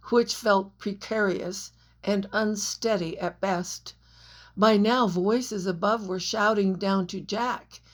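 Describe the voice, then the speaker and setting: A woman narrates her own adventure novel in a measured storytelling manner. Her pace is slow and deliberate, and her pitch sits in the middle range. It is a scripted audiobook reading.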